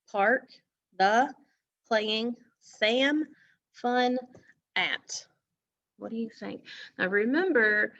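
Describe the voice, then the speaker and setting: A woman teacher walks young children through a phonics lesson at a very unhurried pace, drawing out each word so they can hear the sounds. The recording is dull and lo-fi, with a dry, close sound and no room echo. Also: medium pitch, a bit bright. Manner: slow, deliberate, encouraging, stretches words for emphasis.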